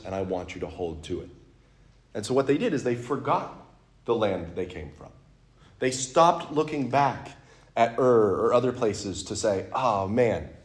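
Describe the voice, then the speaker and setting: A man preaching a sermon in a conversational way, telling stories and acting out quotes. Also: mid-range voice. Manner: conversational, animated storytelling with acted-out quotes.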